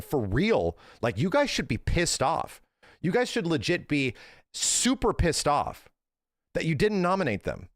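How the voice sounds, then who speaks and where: A man's voice: fairly high pitch, no room sound. A man in his thirties streaming, talking casually and ranting with lots of swearing into a close mic. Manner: animated, profane ranting. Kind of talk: casual livestream commentary.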